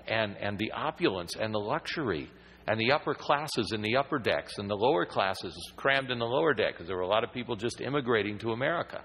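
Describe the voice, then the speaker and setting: A man's voice: fairly low pitch, vocal fry, fairly bright tone, breathy edge, in a large hall, rough recording. A man preaching a sermon in a conversational, rambling way that builds to emphatic points.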